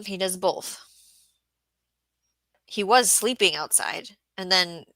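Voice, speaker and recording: A woman's voice: fairly low pitch, pushed and bright, no room sound. A woman hosting a casual livestream about market gardening, chatting and reading viewer comments aloud.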